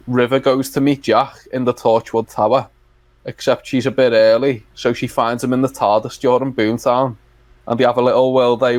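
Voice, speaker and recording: A man chatting as co-host of a fan podcast, spinning long rambling anecdotes. His voice sits at an ordinary middle pitch. The recording is dry and close, with no room sound. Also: darkish tone, dry recording. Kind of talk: casual fan chat.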